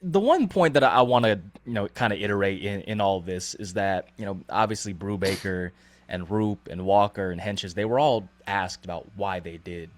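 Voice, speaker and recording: A man hosting a podcast, speaking in a measured, careful way and hedging his points. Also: lowish voice. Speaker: podcast host. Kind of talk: podcast conversation.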